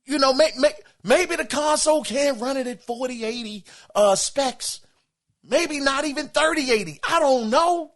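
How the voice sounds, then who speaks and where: A man's voice: extremely high pitch, moderate pace, a bit bright. A man hosting a podcast, reading a listener email in casual chat, exclaiming, laughing and stammering as he talks. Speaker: podcast host.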